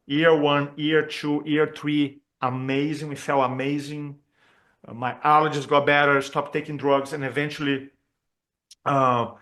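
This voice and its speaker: A man from Brazil, a communication trainer telling a personal story during a talk for chiropractors, earnest and expressive as he acts out the dialogue. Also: on the high side. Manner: earnest and expressive, acts out quoted dialogue, with frequent fillers and restarts.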